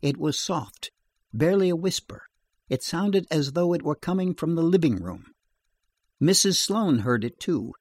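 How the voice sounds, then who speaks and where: A man reads a horror story in a steady, measured way. His pace is slow and unhurried. The sound is dry and close. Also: a little high, no room sound. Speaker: narrator. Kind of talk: horror audiobook narration.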